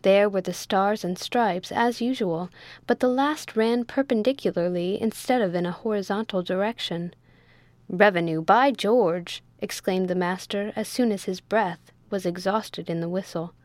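A woman narrating a classic novel as an audiobook reader, in a steady, even storytelling manner. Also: medium pitch, normal speed, no echo. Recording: dry close recording.

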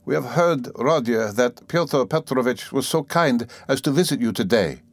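A man's voice: medium pitch, expressive, moderate pace, no room sound, pitched above the performer's own voice. A man putting on an anxious tearful mother. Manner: pleading, timid.

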